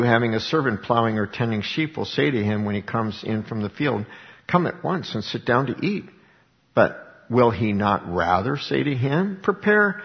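A man's voice: mid-range voice, long reverb tail, dull audio. A man preaching a sermon, reading scripture aloud and then explaining it in a conversational way with rhetorical questions. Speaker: pastor.

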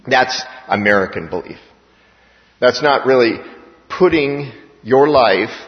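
A male pastor preaching a sermon in an animated way, acting out the voices he quotes. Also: mid-range voice. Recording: dull reverberant hall recording.

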